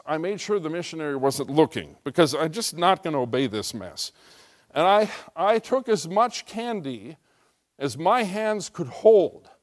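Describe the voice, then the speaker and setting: A middle-aged American man preaching a sermon as pastor, telling a story with emphatic rising intensity. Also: fairly high pitch. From United States.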